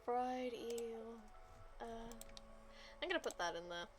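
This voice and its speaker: A young adult woman streamer chats casually over her game in a fairly high voice at a slow pace, with music in the background. She mutters to herself and now and then whispers a swear under her breath.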